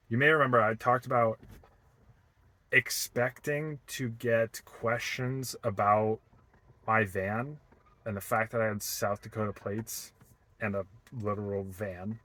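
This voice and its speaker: A young man from Boston in a casual, reflective vlog, talking haltingly with many fillers and restarts. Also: lowish voice, bright, forceful tone. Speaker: vlogger.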